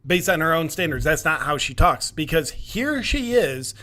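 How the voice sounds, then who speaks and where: A man's voice: a little high, sing-song, normal speed, pushed and bright, faint music behind. A male podcast host giving sarcastic political commentary in a mocking, wry manner. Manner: mocking, wry, breaks into laughter.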